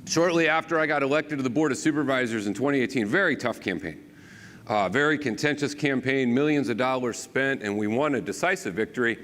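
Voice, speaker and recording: A man, a county supervisor giving an animated storytelling talk with self-deprecating humor. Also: mid-range voice, brisk. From rural American South. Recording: reverberant hall.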